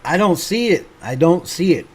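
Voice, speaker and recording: Guy on a fan livestream, slightly high voice, laid back, reads chat comments, cusses a bit. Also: sing-song, normal speed, slight background noise. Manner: laid-back, chatty, swears casually, laughs at himself. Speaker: fan channel livestream host.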